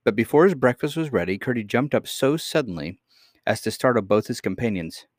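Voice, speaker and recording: A man reading a children's storybook aloud in a measured, calm way. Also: mid-range voice, dry recording, studio quality. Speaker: narrator.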